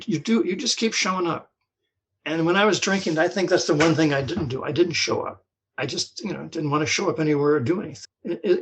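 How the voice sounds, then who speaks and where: An older man from New Jersey telling his story as a guest, halting and repeating words as he talks. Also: on the high side, fairly bright tone, slight background noise, poor audio. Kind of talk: personal recovery story.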